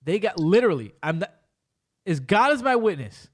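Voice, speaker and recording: Animated young man ranting on a podcast. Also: high voice, moderate pace. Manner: animated, swearing, exaggerated storytelling with mock-serious rants. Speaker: podcast host. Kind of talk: casual chat.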